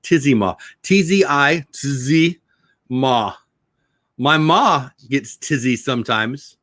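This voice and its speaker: A man's voice: medium pitch, takes it slowly, a bit bright, no echo, clean studio sound. A middle-aged man hosting a casual home livestream, rambling and joking while reading chat comments aloud. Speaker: livestream host.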